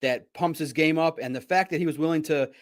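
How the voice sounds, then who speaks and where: A man's voice: a little high, brisk. Rambling self-deprecating male sports host. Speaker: sports podcast host and reporter. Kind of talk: casual livestream sports chat.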